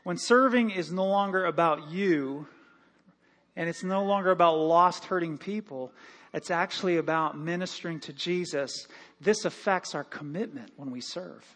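High-voiced man preaching a lively sermon. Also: moderate pace. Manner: animated, joking, lively storytelling with acted-out quotes. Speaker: pastor. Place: church sanctuary.

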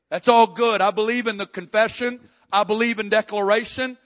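A man preaching a sermon, reading scripture and building to impassioned, near-shouted prayer. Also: high voice, a little fast, few pauses. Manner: impassioned preaching, rising to shouts in emotional passages. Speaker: pastor.

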